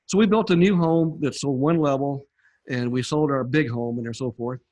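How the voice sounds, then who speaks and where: A man's voice: mid-range voice, moderate pace, a little mellow. An older man, a podcast guest, telling his story in a rambling, conversational way with many fillers. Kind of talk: conversational testimony.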